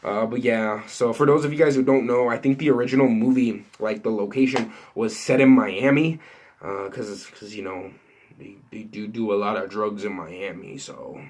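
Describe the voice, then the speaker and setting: This entertainment news vlogger has a lowish, darkish voice, an even tone, and a normal speed. Chatting casually and off the cuff with his viewers, he wanders from point to point, restarting often and filling gaps with plenty of "like" and "you know."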